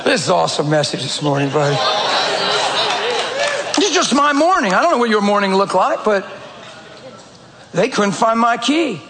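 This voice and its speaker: High-voiced preacher in an echoing sanctuary. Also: male voice, moderate pace, long pauses, a crowd in the background. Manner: animated storytelling, direct and conversational. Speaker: pastor. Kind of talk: sermon. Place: church sanctuary. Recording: echoey church hall, faint ambience.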